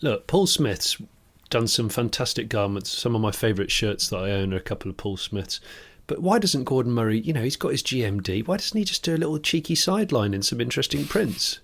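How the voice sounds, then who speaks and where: A man co-hosting a podcast in casual chat, animated and playful, laughing often. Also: mid-range voice, a little fast, creaky, husky. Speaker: podcast co-host.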